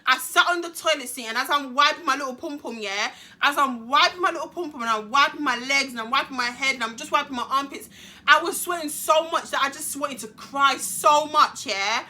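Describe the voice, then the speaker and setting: Bright, high-voiced young woman. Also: brisk. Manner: dramatic, slangy, repeats phrases for emphasis. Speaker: vlogger. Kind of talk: storytime monologue to camera.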